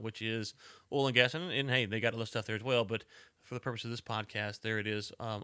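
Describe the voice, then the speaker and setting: A man's voice: medium pitch, pushed and bright, clean tone, dry recording. A man with a Southern US accent, co-hosting a podcast in joking, upbeat banter. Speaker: podcast co-host. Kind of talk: casual chat.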